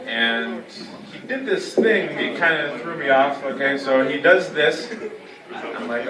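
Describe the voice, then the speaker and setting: A young man doing a stand-up comedy set, rambling and halting, full of "like" and "you know". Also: medium pitch, a loud crowd. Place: comedy club stage. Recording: echoey room, heard from a distance. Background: audience laughter.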